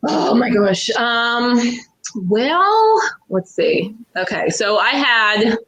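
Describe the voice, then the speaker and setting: A young woman from Pittsburgh tells a wild story as a podcast guest, animated and quick to laugh. Her voice sits high and sounds bright and sharp. It rings out in an echoey room. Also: dull audio. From Pittsburgh, USA. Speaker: guest author. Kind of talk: casual storytelling.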